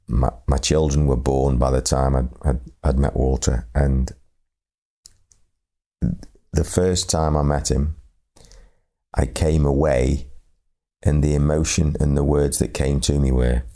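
A middle-aged man telling a reflective story, halting and repeating words in a slow, measured way. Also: very deep voice, steady tone, mellow. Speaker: speaker sharing lessons on leadership.

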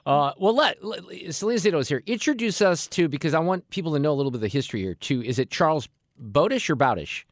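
A man hosting a radio interview, talking to his guest in a quick, conversational way. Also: fairly high pitch, animated, dry recording. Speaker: radio host. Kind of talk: casual interview.

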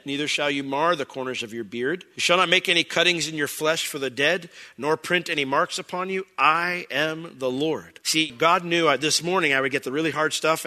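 A man preaching a sermon, conversational at times and rising to loud, emphatic bursts. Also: a little high. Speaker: pastor. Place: church sanctuary.

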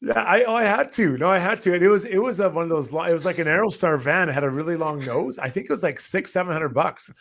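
A man's voice: sits high, fast, vocal fry, hardly any pauses. A man co-hosting a sports show, telling stories in casual chat, laughing often and tripping over his words. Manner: animated storyteller, laughing often. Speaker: co-host.

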